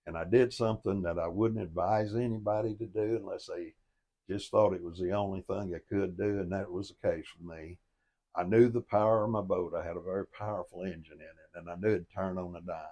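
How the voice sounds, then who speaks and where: Older man with a very low voice, folksy motivational storyteller, plain-spoken and earnest. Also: fairly even intonation, a little fast, dark tone. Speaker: storyteller and life coach.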